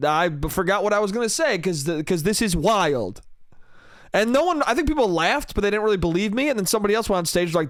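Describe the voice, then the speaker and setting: Alone at a close mic, a young man hosts his own solo podcast monologue, loose and rambling, swearing freely and laughing at his own jokes. His voice sits a little high for a man, with lively intonation and a brisk pace, and the recording is dry with no room sound around it.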